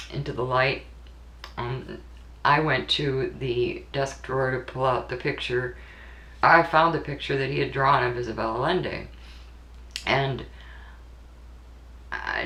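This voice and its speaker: A woman's voice: sits low, a bit bright. Emotional woman recalling, echoey room. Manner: earnest, emotional, repeats words. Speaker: grieving mother telling her story. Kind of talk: personal spoken recollection.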